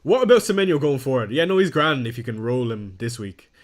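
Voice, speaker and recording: A young fantasy football streamer talks a little fast at medium pitch, his voice swinging widely up and down. He chats casually on the live stream, reading viewer comments aloud and poking fun at his own mistakes.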